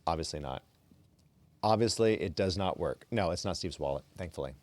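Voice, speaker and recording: Male podcast host, low voice, opinionated and chatty, dry close sound. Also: animated, fairly quick, a little mellow, no echo. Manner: opinionated, stammers on restarts. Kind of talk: casual chat.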